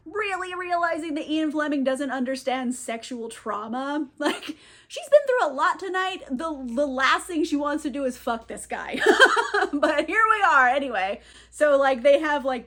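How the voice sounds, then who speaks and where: A woman's voice: high voice, fairly bright tone. A woman casually recapping a novel for her channel, chatty and irreverent, with frequent laughter and filler words. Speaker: book vlogger.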